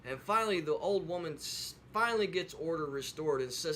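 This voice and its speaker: Slightly high-voiced man, folksy rambling devotional storyteller. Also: lively intonation, a little fast, few pauses, a bit bright. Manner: folksy, rambling, with many fillers and restarts; earnest preaching in closing. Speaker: video host telling a devotional story. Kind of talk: casual storytelling with a sermon close.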